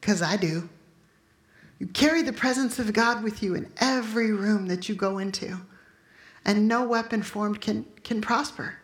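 A woman in her fifties giving a sermon with personal testimony to a room of listeners, emotional and loudly acting out her own prayers. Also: mid-range voice, normal speed, echoey room. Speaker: speaker at a Christian gathering.

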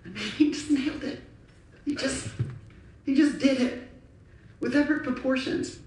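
Passionate woman preacher, animated storytelling, recorded from afar with faint background noise. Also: high voice, measured pace. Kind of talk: sermon. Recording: echoey hall from far off.

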